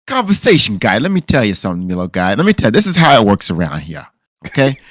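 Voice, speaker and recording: A brash tough guy who swaggers and talks down to his listener, as a man puts him on. The voice is sharp and bright, with a pitch that leaps around, and it sits close and dry to the mic. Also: big pitch swings, normal speed, dry recording, heavily acted. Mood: swaggering. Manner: loud, swaggering, calls others "conversation guy". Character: brash male Northeast tough guy, mock gangster.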